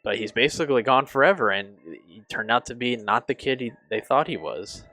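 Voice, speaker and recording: A young man reviewing a TV show on his channel, emotional and halting, swearing often and restarting his sentences. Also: medium pitch, sharp tone, no room sound. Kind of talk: casual review.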